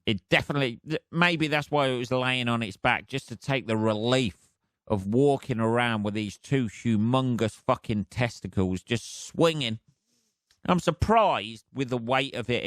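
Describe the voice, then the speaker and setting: Male podcast host, loose and profane, mid-pitched, dry close mic. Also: fairly bright tone, no echo. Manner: rambling, heavy swearing, chuckling. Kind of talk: casual solo monologue.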